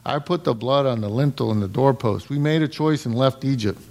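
A middle-aged man giving a casual, conversational sermon to a congregation, laughing often and jumping up in pitch when he acts out lines. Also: brisk, a little mellow. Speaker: preacher.

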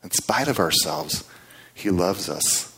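A man's voice: sits low, animated, slow, gravelly, bright, forceful tone, breathy edge. A middle-aged man preaching a sermon in a conversational, folksy way, with asides and rising emphasis. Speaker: guest preacher.

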